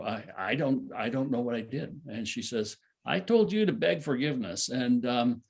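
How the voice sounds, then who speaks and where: A man's voice: medium pitch, creaky. An older man telling a long personal story at a satsang, rambling with many fillers and restarts. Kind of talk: casual spoken storytelling.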